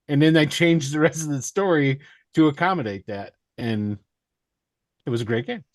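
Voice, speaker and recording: A man's voice: medium pitch, dry recording, studio quality. A man in a casual chat telling a game master story, rambling and self-deprecating, laughing along the way. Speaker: dungeon master.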